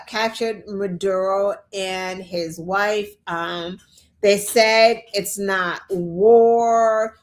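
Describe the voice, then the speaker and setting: A woman hosting a show, ranting in an exasperated way, full of rhetorical questions and "like" and "right?". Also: mid-range voice. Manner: fillers like "like" and "right?". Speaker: show host. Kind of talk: opinion rant.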